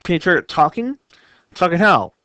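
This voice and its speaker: A man's voice: high-pitched, very animated, moderate pace, bright, forceful tone, dry recording, heavily acted. A man reading aloud the lines of a defensive, apologetic teenage girl in a novel, in a plain read-aloud delivery.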